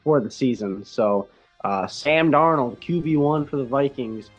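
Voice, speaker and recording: A man's voice: mid-range voice, animated, a little slow, lo-fi sound, soft background music. A man co-hosting a casual sports podcast, rambling with many fillers and restarts. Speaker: podcast co-host.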